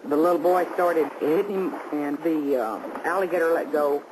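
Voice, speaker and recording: A man's voice: fairly high pitch, fairly even intonation, moderate pace, noisy background. A man with a Texan accent describing what he saw, in plain, easygoing interview talk. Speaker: witness. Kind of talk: documentary interview. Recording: music underneath.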